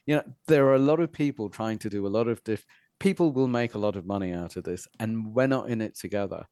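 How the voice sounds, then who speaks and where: Brief: thoughtful male guest, lowish pitch, dry recording. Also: fast, darkish tone, no echo. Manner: earnest, asks rhetorical questions. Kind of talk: reflective conversation.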